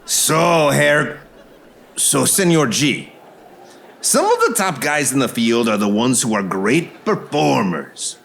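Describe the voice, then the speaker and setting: A man's voice: mid-range voice, big pitch swings, slow pace, creaky, a bit bright, slight background noise, full character voice. A man voicing a male telethon co-host, a chatty interviewer with Spanish asides.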